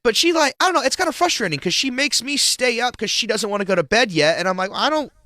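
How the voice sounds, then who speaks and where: A man's voice: very high voice, expressive, fast, bright, forceful tone, no echo, clean studio sound. A young man co-hosting a morning radio show, rambling through exasperated complaints padded with "like". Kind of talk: casual morning radio banter. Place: radio studio. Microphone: studio microphone.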